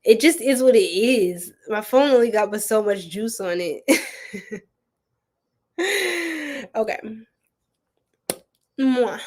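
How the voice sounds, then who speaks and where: A woman's voice: a little high, lively intonation, slow pace, pauses often, darkish tone, a little hiss or hum. A young woman hosting a live tarot reading, talking casually and playfully to her viewers and laughing often. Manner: addresses viewers as y'all and girl. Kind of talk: casual live-stream chat.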